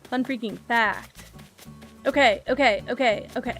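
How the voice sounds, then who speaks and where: Chatty woman streamer, higher voice. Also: fairly even intonation, moderate pace, a bit bright, soft background music. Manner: chatty, rambling, talks to chat. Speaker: live streamer. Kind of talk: casual live-stream chat while gaming.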